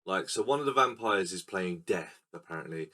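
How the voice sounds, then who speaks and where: A man's voice: sits low, expressive, moderate pace, pushed and bright. A man co-hosting a casual film podcast, explaining scenes and acting them out in silly voices. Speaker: podcast co-host. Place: recording room.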